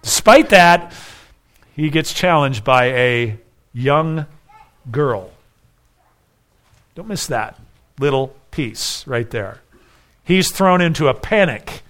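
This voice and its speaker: A man preaching a sermon, explaining a scripture passage and acting out the quoted lines, dropping to soft asides and rising for emphasis. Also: medium pitch, lively intonation, measured pace, long pauses. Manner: expository preaching with dramatized quotes; shifts between soft asides and raised emphasis. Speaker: pastor.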